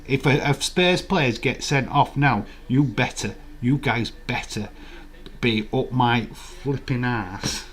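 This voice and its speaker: A man hosts a live stream and chats with his viewers in a loose, rambling way. He talks slowly, with a middling pitch, and swears freely. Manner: rambling, profane banter with the chat. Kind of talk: casual live watch-along chat.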